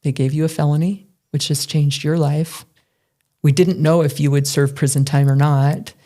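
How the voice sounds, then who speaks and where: A middle-aged woman hosting a podcast, telling a candid personal story in an emotional, earnest way with halting restarts. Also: low-pitched, little pitch movement, mellow. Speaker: podcast host.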